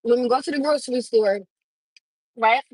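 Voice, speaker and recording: Husky-voiced woman telling a story live. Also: fairly high pitch, moderate pace, no echo, rough recording. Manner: animated, laughs often, swears. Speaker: livestream host. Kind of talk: casual storytelling to viewers.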